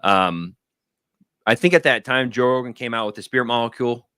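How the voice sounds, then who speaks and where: A man in his thirties talking casually on a livestream, rambling and animated, often acting out his friends in a raised voice. His voice sits at an ordinary pitch. The sound is close and dry, with no room echo. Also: fairly quick, clean tone. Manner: rambling, animated, acts out friends' lines in a higher voice. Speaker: guest. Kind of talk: casual storytelling conversation. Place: home studio.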